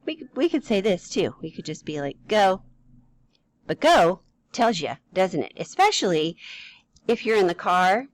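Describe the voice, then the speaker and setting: A woman's voice: mid-range voice, very animated, unhurried, dry recording, rough recording. A woman teaching a grammar lesson to young children, playful and chatty, talking straight to them with questions.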